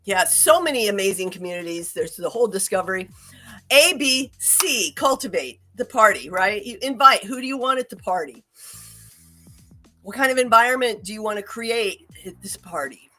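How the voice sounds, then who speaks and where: A woman's voice: mid-range voice, animated, moderate pace, bright, forceful tone, soft background music. A woman hosting a casual talk, chatty and upbeat, laughing often and restarting her sentences. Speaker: host.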